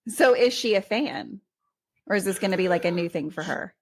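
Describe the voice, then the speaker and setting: A woman hosting a podcast interview, enthusiastic and quick to laugh. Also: medium pitch, lively intonation. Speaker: podcast host. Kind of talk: casual interview.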